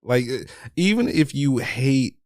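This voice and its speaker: A man co-hosting a casual podcast chat, relaxed and joking, swearing freely. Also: medium pitch, unhurried, no room sound, clean studio sound. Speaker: podcast co-host.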